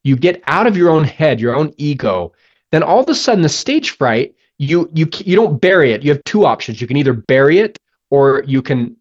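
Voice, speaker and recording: A man's voice: mid-range voice, lo-fi sound. A man speaking as a guest on a podcast interview, earnest and reflective, telling a personal story with frequent restarts. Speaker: guest musician.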